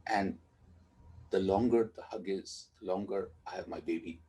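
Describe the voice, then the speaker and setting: A man's voice: deep voice, normal speed, dark tone, poor audio. A man in a documentary interview, reflectively telling a story about his daughter. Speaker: father telling a family story.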